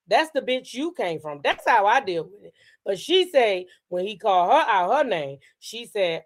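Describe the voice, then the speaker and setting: A woman's voice: mid-range voice, animated, moderate pace. A woman hosting a casual gossip commentary show, blunt, profane and sassy, talking straight to her audience. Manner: addresses the audience directly.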